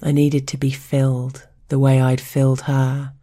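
A woman narrating an intimate audio story in a soft, unhurried, partly whispered delivery. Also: a bass voice, monotone.

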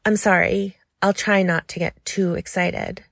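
Give us a jittery, eager young man, as a woman storyteller puts him on, talking in hurried, breathy, deferential bursts. The voice sits a little higher and brighter than her narration yet keeps a low, gravelly grain. It is recorded close and dry, with no room sound. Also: steady tone, no echo, exaggerated voice. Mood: eager, nervous. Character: nervous eager young man, polite and jumpy.

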